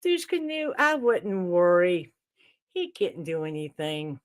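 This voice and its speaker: Woman putting on a calm toy, low, flat, reassuring, slow. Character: calm, unbothered toy friend.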